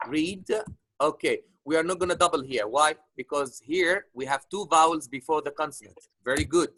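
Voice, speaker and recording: A man's voice: a little high, normal speed, sharp tone, no echo, rough recording. A man teaches an online grammar lesson in a slightly raised voice, patient and repeating himself, with many fillers. The sound is dry and close. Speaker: English teacher.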